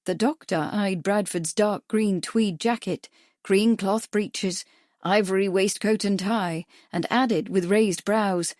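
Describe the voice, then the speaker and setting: A woman with a mid-range voice narrates a cozy mystery audiobook steadily and in a measured way. It's scripted narration with clean studio sound and no room sound.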